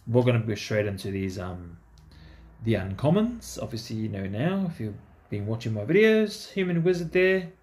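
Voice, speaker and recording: A man's voice: mid-range voice, big pitch swings, normal speed, darkish tone. A man giving casual, chatty commentary to himself as he opens trading card packs. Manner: talks to himself, easygoing and chatty. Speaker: card-opening vlogger.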